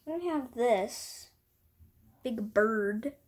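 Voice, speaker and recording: Husky-voiced woman, rambling and apologetic. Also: on the high side, animated, extremely slow, a little mellow. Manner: rambling, apologetic, self-deprecating; drops into whispers at times. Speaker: vlogger. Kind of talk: casual show-and-tell vlog.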